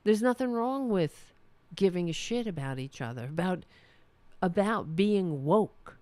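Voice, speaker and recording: A woman's voice: fairly low pitch, expressive, measured pace, darkish tone, dry recording. A woman hosting a political livestream, ranting with passion, swearing freely and reading viewers' chat comments. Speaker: political talk show host.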